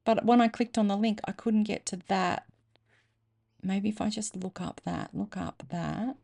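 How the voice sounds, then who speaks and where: Gravelly Australian woman chatting casually. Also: mid-range voice, fairly even intonation, a little slow, mellow. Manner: chatty and self-mocking, thinks aloud. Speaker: channel host reading aloud. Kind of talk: casual chat to camera.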